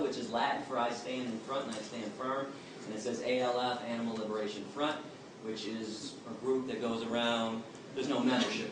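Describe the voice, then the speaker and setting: A man answering audience questions in an emphatic, plain-spoken storytelling manner. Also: medium pitch. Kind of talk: public talk, Q and A. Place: large echoey hall. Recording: echoey hall from far off, noisy.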